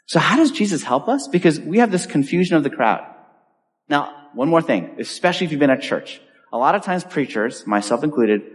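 A man in a church preaches in a chatty, storytelling way, slipping into little acted-out voices for the people in his story. His voice sits a bit high and rises and falls expressively. The sound rings out with a long hall reverb. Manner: animated, conversational storytelling with acted-out quotes. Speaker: pastor. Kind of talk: sermon.

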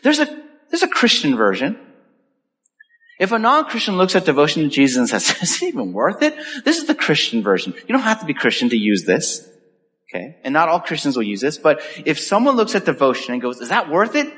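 Guy preaching a sermon, bit high voice, bounces up and down a lot, big echoey church. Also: brisk. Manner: animated, acts out quoted voices. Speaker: pastor. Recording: echoey hall with long reverb.

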